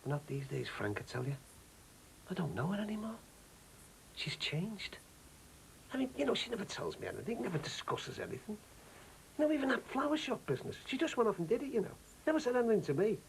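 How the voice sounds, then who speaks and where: A man's voice: high-pitched, sing-song, brisk, creaky, slight background noise, exaggerated voice, poor audio. An actor playing a lonely middle-aged husband, rambling and hesitant as he confides. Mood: troubled. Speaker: troubled husband. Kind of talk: soap opera acting.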